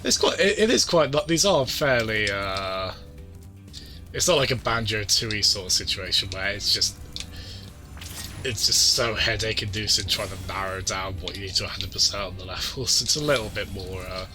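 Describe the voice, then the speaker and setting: A rambling streamer talking his way through a video game. His voice sits fairly low and relaxed as he chats with viewers, often restarting his sentences. Game music plays clearly behind him. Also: moderate pace. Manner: rambling and chatty, with many restarts. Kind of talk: casual let's-play chat.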